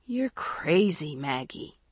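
A woman's voice: a little high, animated, a little slow, no room sound, pitched above the performer's own voice. A woman narrator voicing a groggy, irritated teenage girl woken from sleep, in a dry recording. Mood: sleepy. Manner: groggy, sullen.

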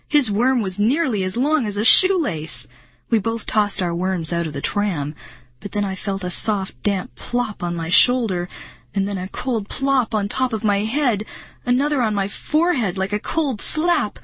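A woman's voice: medium pitch, lively intonation, a little slow, a bit bright, no echo. A woman narrating a first-person children's adventure story in a suspenseful, dramatic reading voice. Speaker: audiobook narrator.

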